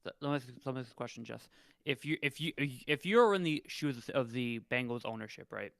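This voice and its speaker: A man's voice: medium pitch, lively intonation, fairly quick, creaky, fairly bright tone, no echo. A man on a sports podcast putting a question to his co-host, restarting his phrases as he goes. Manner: poses questions to his co-host, repeating himself as he starts. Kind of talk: casual sports chat.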